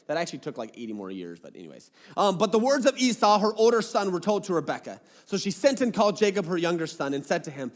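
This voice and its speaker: A man's voice: high-pitched, very animated, fast, few pauses. A man preaching a sermon, reading scripture aloud and breaking off into jokey, casual asides. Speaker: pastor. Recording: long hall reverb.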